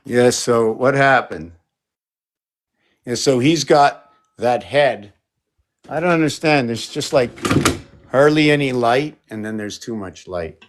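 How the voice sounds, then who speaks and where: A man showing his paintings on a live stream, talking in a rambling, playful way and jumping from excited exclamations to muttering. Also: medium pitch, takes it slowly, pauses often, a little hiss or hum. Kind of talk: casual live-stream chat.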